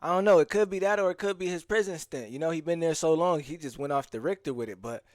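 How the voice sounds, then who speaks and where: Talking straight to his audience, this male streamer reacts to a video with casual, slangy commentary, frequently starting his sentences over. He speaks quickly in a slightly high voice, and the studio sound is clean with no echo.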